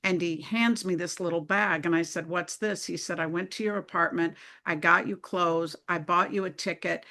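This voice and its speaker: Older woman with a bright voice, animated storyteller. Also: lowish voice. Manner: animated, acts out quoted dialogue. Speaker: speaker recounting a near-death experience. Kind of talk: personal storytelling talk.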